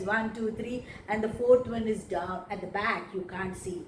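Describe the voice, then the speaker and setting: A woman teaching young children about animals, talking in a slow, emphatic, sing-song way. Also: mid-range voice, reverberant, recorded from a distance, a little hiss or hum, poor audio.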